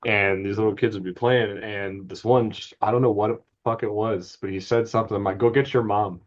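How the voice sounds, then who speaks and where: A man's voice: fairly low pitch, steady tone, fairly quick. A man co-hosting a gaming podcast in casual, profane chat, laughing often. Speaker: podcast co-host. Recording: dull lo-fi sound.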